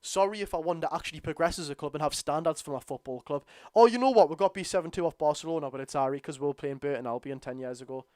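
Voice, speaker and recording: A man's voice: a little high, quick pace, hardly any pauses, a little mellow, dry recording. A young Geordie man from North East England giving blunt, exasperated live commentary as a football fan streamer.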